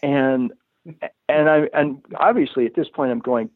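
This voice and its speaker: At a measured pace, a guest with a mid-range voice tells a long personal story, rambling casually with frequent restarts and plenty of "you know." The sound is tinny and phone-like, dry with no echo.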